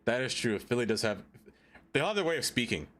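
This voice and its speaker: A man's voice: mid-range voice, big pitch swings, fast talker, fairly bright tone. Giggly young man streaming. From United States. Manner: playful, giggly, trying out silly accents. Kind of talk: casual live-stream chat.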